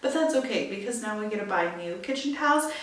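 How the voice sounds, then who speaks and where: A woman's voice: medium pitch, animated, fast talker, fairly bright tone. A young woman hosting a podcast, chatting casually and filling her talk with "like" and "right?". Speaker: podcast host. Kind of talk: casual solo chat. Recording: very echoey room, far from mic.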